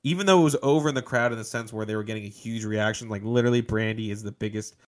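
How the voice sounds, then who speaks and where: A man's voice: on the low side, rapid-fire. A man co-hosting a casual wrestling podcast, rambling with lots of fillers and frequent laughs. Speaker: podcast co-host. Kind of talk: casual wrestling review chat.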